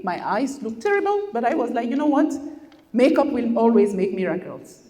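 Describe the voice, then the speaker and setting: A woman's voice: mid-range voice, darkish tone. A woman leading a masterclass, speaking candidly and emotionally to an audience, often repeating phrases for emphasis. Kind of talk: emotional personal talk to an audience. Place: hotel event room. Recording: long hall reverb.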